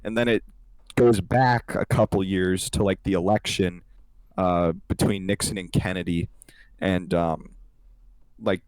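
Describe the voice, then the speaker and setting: Low-voiced young man rambling casually. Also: steady tone, a little slow, pauses often, a little mellow, clean tone, no echo. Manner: rambling, swears often, frequent fillers. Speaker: podcast co-host. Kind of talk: casual chat.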